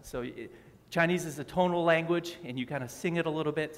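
A man's voice: fairly high pitch, brisk, few pauses, a little hiss or hum. A man preaching a sermon in a church, friendly and joking with the congregation. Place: church sanctuary. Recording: long hall reverb.

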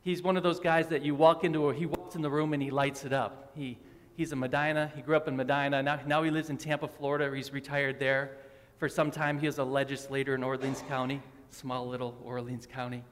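A man's voice: medium pitch, flat delivery, fairly quick, slight background noise. A man preaching a sermon in a church, friendly and joking with the congregation. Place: church sanctuary. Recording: long hall reverb.

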